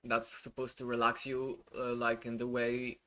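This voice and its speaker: A man's voice: mid-range voice, completely flat delivery, moderate pace, bright, forceful tone. A man streaming casual reaction commentary, rambling and exasperated, with many restarts.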